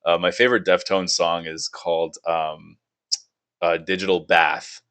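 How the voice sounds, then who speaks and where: A man's voice: sits low, little pitch movement, a little slow, a bit bright, clear, resonant tone. A young man hosting a casual gaming podcast, loose and profane, laughing a lot and reading game blurbs aloud. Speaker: podcast host.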